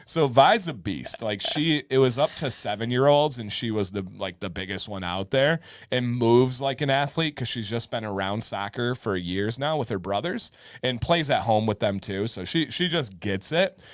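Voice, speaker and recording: Guy cohosting a live chat show, animated storyteller, mid voice, dry close sound. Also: medium pitch, normal speed, no echo. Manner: lively storyteller who acts out kids' voices. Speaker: co-host of a live advice show. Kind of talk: casual chat.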